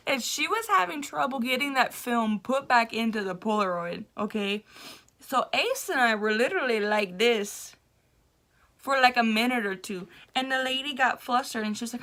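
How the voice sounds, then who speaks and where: A woman's voice: on the high side, normal speed. A young woman vlogger casually recounting a story, laughing often and acting out the people she quotes. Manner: animated, laughing, acts out quoted voices.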